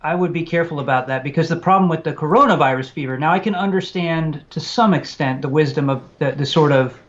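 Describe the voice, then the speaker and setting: A man who is a guest on a live online conversation, explaining things in a measured, cautious way over a video call. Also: fairly high pitch, highs cut off.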